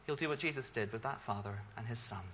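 A man's voice: mid-range voice, quick pace, fairly bright tone, lo-fi sound, a little hiss or hum. A man preaching a sermon as the pastor, earnest, asking rhetorical questions and building in force for emphasis.

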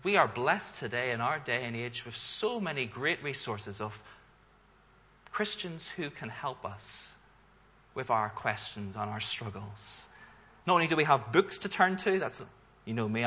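A man's voice: mid-range voice, expressive, unhurried, bright, forceful tone, slightly rough, dull audio. A man preaching a sermon as the pastor, earnest, asking rhetorical questions and building in force for emphasis.

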